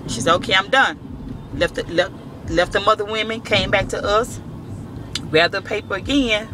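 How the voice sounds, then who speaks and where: A man's voice: high-pitched, normal speed, noisy background. A man telling a story to the camera in casual, profane speech, acting out the dialogue. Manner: profane, animated, acts out dialogue. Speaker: vlogger.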